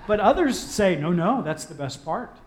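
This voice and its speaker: A man's voice: sits high, big pitch swings, moderate pace. A man preaching a conversational sermon as pastor, mixing playful jokey asides with earnest repeated phrases. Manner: repeats key phrases for emphasis.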